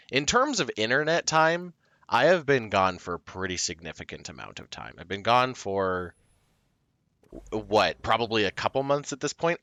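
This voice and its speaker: Rambling male streamer, lively pitch. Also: dry recording. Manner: rambling, self-deprecating, lots of fillers and restarts; breaks into short laughs. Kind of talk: casual chat to stream viewers.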